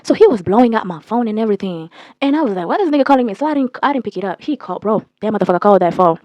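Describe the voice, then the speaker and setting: A young woman telling a casual, profane storytime with a blunt, animated delivery. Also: medium pitch, racing, dry recording. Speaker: storytime vlogger.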